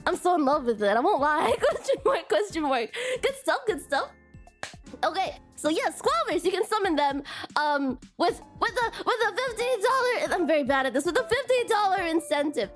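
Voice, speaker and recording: A woman's voice: extremely high pitch, very animated, normal speed, soft background music. A young woman hosting a live stream, bubbly and nervous, tripping over her words and tacking a cute "question mark" onto her sentences, her voice strained from a recent illness. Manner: bubbly, nervous, keeps adding a cutesy "question mark" tag; stumbles and repeats words. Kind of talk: casual live-stream chat.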